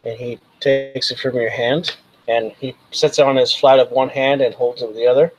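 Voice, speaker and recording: A man narrating a tabletop role-playing game as game master, rambling and halting with many ums. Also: mid-range voice, fairly even intonation, rough recording.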